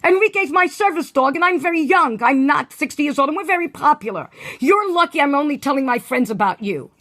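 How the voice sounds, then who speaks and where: High-pitched woman on a phone call, accusing and scolding in a firm tone. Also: lively intonation, brisk, fairly bright tone. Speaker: caller. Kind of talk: heated phone argument.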